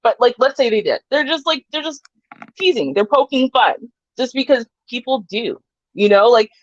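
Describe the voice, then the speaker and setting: A woman's voice: fairly high pitch, expressive, normal speed, highs cut off. A woman co-hosting a livestream, chatty, filling her talk with "like" and "right?". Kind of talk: casual chat.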